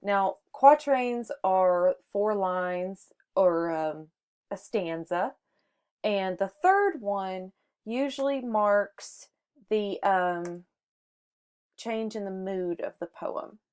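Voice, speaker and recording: A woman's voice: mid-range voice, expressive, drawn-out words, a little mellow, clean tone. A woman teaching a short lesson on poetry, explaining step by step with some fillers and restarts. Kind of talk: microteaching lesson on sonnets.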